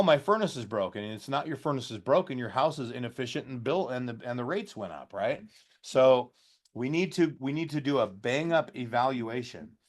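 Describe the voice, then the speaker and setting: A man giving a loose, folksy training talk to contractors. He acts out bits of customer dialogue, and he has a slight cough. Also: mid-range voice. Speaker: trainer for heat pump contractors.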